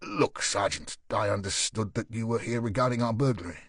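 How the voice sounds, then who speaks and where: A man's voice: lowish voice, brisk, no room sound, studio quality, natural voice. A man doing a growling, curt husband. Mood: defensive. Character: defensive, irritable male gym owner.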